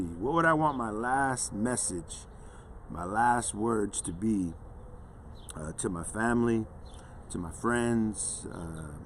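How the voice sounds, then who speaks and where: A man's voice: fairly low pitch, slight background noise. A man giving an earnest, conversational devotional sermon as a pastor, often dropping "man" and "right" into his talk.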